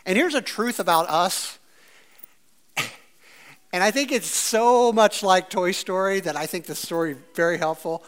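A man preaching a sermon in a conversational, animated way, with many fillers and playful asides. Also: high-pitched, measured pace, pauses often. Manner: playfully acts out quoted voices. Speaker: pastor.

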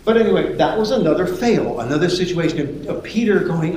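A man preaching a sermon as lively storytelling, acting out the voices of the people in his story. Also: sits high, fairly quick, a little hiss or hum. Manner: animated storytelling, acts out voices. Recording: echoey hall.

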